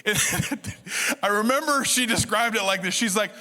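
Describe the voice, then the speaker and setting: A middle-aged man telling funny stories on stage as a motivational speaker, animated and chatty. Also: very high-pitched, normal speed. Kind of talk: humorous storytelling talk on stage. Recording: echoey hall reverb.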